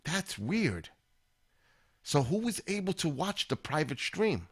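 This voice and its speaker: A man's voice: a little high, sing-song, slow, husky. A man hosting his own live stream, chatting casually and rambling as he talks straight to viewers in chat.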